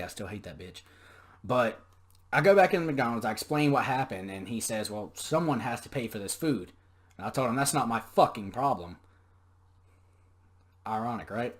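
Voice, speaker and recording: A man's voice: mid-range voice, fairly bright tone. A young man telling stories in a casual monologue, profane, sarcastic and ranting. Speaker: podcast storyteller.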